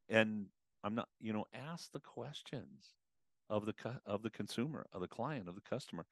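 A man talking as a guest on a podcast about customer communication, casual and animated, acting out customer conversations. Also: fairly low pitch, moderate pace, no echo, studio quality. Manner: animated, acts out customer and advisor exchanges. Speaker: automotive business consultant guest.

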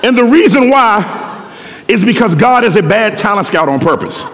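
A middle-aged man preaching a sermon in a slangy, animated way, often repeating words. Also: sits high, normal speed. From Philadelphia. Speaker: pastor. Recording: echoey hall.

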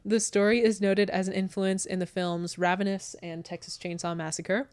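A woman's voice: medium pitch, level tone, moderate pace, a little mellow, no echo, clean studio sound. A young woman co-hosting a podcast in a casual chat, reading out research notes and laughing often. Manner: laughs often, reads quotes aloud. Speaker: podcast co-host.

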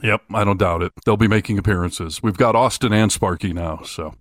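Man, casual co-host, low voice, dry close sound, relaxed chat from home. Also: fairly quick, no echo. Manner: easygoing, laughs along with banter. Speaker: podcast co-host. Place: home room.

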